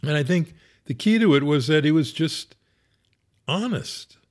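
A man's voice: on the high side, expressive, measured pace, darkish tone. A man who is a rabbi, wryly telling a humorous personal story in a conversational way. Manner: wry, conversational, laughs at his own story.

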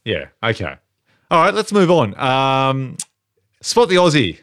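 A man's voice: mid-range voice, very animated, a little slow, a bit bright, no echo, clean studio sound. A man hosting a casual podcast chat, leading segments and reading out trivia. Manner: leads segments, reads trivia aloud. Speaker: podcast host.

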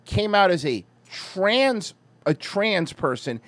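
An American man co-hosting a podcast, crude and animated. His voice sits high and swoops widely. The sound is dry and close. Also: slow, no room sound. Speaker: podcast co-host. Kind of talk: casual chat.

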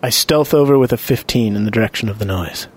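A man's voice: fairly low pitch, fast, breathy edge. A man playing a tabletop game, chatting casually and joking playfully. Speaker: player. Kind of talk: casual tabletop role-play chat.

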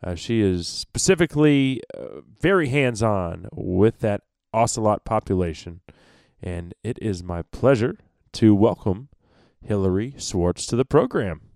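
A man's voice: fairly low pitch, animated, unhurried, vocal fry, darkish tone, dry recording. A man with a Texan accent hosting an outdoor radio show, talking in an easygoing, drawling way with plenty of filler words. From Texas. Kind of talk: casual outdoor radio talk.

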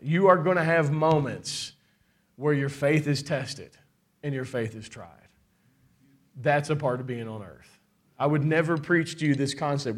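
Bright high-voiced preaching man. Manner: preaching with call-and-response and laughter. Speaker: pastor. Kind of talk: sermon.

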